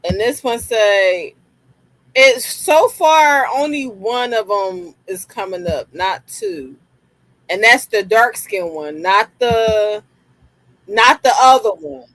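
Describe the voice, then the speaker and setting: A woman's voice: mid-range voice, animated, slow, a bit bright, no echo, poor audio. A woman hosting a live stream, talking casually and animatedly, repeating herself and laughing often.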